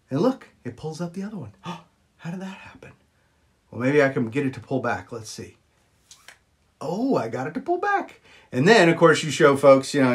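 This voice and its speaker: Easygoing guy streaming live, lots of ums, voice shoots way up on the big "wha-bam" moments. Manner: chatty, greets viewers, jumps up high on exclamations; frequent ums and uhs. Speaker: vlogger showing magic props. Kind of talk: casual live-stream chat.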